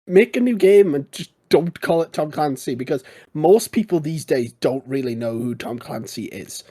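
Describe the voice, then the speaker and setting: A man with a husky, slightly high voice who co-hosts a podcast. He airs strong opinions in casual chat and acts out imagined quotes. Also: animated, moderate pace, dark tone. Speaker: podcast co-host.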